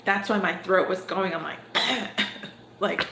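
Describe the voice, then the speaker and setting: Slow-talking woman reading tarot, echoey room. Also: mid-range voice, bright, forceful tone. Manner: unhurried, conversational, chuckles between cards. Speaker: tarot reader. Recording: echoey room with background noise.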